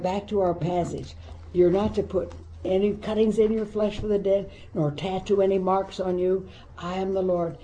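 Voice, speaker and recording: Very dark-voiced Bible teacher. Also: medium pitch, poor audio. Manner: reads scripture aloud with emphatic asides.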